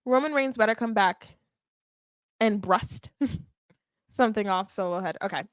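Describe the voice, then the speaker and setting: A woman hosting a wrestling podcast, recapping a live show in an animated, emphatic way and often checking in with "okay?". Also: medium pitch, unhurried, no room sound. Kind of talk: live watch-along recap.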